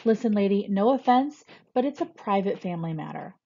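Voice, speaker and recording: A woman's voice: medium pitch, animated, a little fast, vocal fry, mellow, lo-fi sound. A woman reading aloud, voicing a frightened, angry teenage boy holding a gun, snapping and close to panic. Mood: tense. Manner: tense, snapping, edging into panic.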